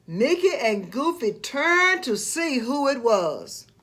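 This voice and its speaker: A woman reading a children's storybook aloud in an expressive way. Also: high voice. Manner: expressive, slow read-aloud.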